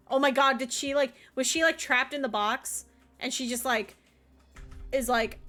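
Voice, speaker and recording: A young woman with a high voice talks through a story game on her live stream, speaking in rambling, excitable bursts full of "like." Soft music plays faintly underneath her words. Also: moderate pace. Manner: chatty, lots of "like" fillers, excitable theorizing. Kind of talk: live gameplay commentary and story read-aloud.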